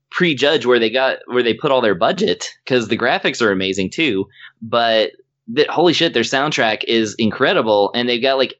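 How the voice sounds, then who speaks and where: A man's voice: medium pitch, fairly bright tone, highs cut off. A man casually reviewing a video game in rambling chat, with lots of fillers and laughter. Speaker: podcast co-host reviewing games.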